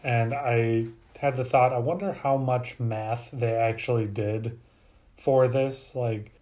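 A man with a dark, mellow voice picks apart a film's logic at length, wandering through his thoughts and swearing casually. His pitch is ordinary for a man, and he talks like a podcast co-host among friends. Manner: rambling and analytical, loose with swearing. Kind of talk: casual movie review chat.

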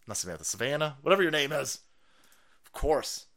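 A man hosting a live stream, ranting in a foul-mouthed way, breaking into loud mocking impressions and laughter. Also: a little high, sing-song, fairly quick. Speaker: streamer host.

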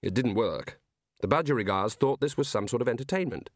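A man reading a novel aloud as an audiobook narrator, in measured storytelling. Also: mid-range voice, expressive, no echo, clean studio sound. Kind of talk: scripted narration.

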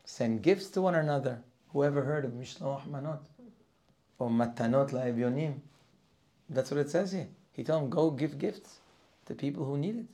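A man's voice: medium pitch, moderate pace. A man teaching a Torah class for Rosh Hashanah, reading Hebrew verses and translating them line by line. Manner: reads Hebrew verses and translates each, rising and louder as he goes.

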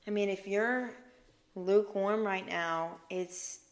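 An earnest young woman talks through scripture on her podcast, pressing each point with emphasis. Now and then she sinks to a soft hush to let a point land. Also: mid-range voice, slow pace. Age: young adult. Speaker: podcast host. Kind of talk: faith podcast teaching.

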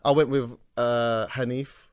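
A man's voice: medium pitch, a little slow, clear, resonant tone, dry recording, studio quality. Slangy London man telling stories. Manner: animated storyteller, slangy, bursts into laughter. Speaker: podcast host. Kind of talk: casual chat.

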